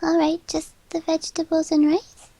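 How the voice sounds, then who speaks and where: A woman's voice: very high-pitched, completely flat delivery, moderate pace, dark tone, dry recording, pitched above the performer's own voice. A woman voicing a shy schoolgirl. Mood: timid. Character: shy timid teenage schoolgirl.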